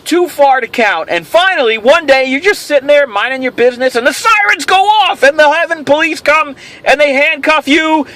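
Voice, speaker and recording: A man's voice: extremely high pitch, expressive, normal speed, hardly any pauses, bright, forceful tone. A man hosting a casual question-and-answer vlog, rambling and telling jokes with self-amused delight. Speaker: host of a toy show.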